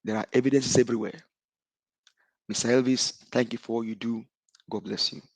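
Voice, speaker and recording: A man's voice: medium pitch, flat delivery, a little fast, no room sound. A middle-aged Nigerian man calling in to a show, giving a fervent speech that denounces his targets with repeated declarations. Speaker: caller. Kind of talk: impassioned call-in speech.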